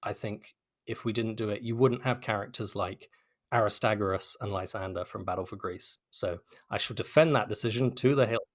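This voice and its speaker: A British game developer with a lowish voice answers interview questions at a fairly quick pace. He's enthusiastic and articulate, though he often restarts his sentences.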